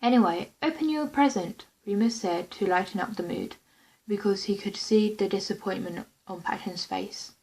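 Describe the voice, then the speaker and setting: A woman's voice: medium pitch, level tone, normal speed, creaky, a little mellow, rough recording. A woman reading her own fan story script aloud in a plain, unpolished way, with small slips and restarts.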